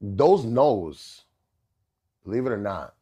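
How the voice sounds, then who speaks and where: A middle-aged man, a chef and podcast guest, telling stories in a casual, animated way and often checking in with "bro" and "right?". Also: on the low side, slow, slightly rough. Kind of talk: casual storytelling chat.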